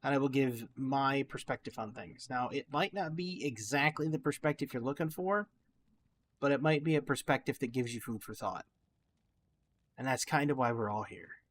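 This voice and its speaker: A man's voice: medium pitch, moderate pace, a little hiss or hum. Rambling reflective male gameplay vlogger. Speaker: gaming channel host. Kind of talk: casual gameplay commentary with musings.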